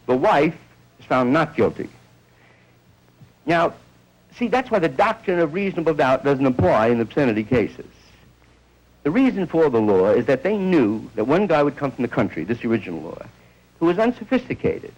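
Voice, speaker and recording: A man's voice: mid-range voice, a little mellow, husky, poor audio. A man doing a rambling stand-up comedy monologue, telling stories and acting out bits of dialogue.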